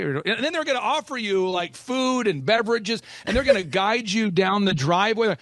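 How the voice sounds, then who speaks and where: A man hosting a business podcast, telling animated stories and slipping into folksy voices as he goes. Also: sits high, normal speed, few pauses. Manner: animated storyteller, acts out folksy quotes. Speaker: host and business coach. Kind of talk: energetic podcast talk with playful impressions.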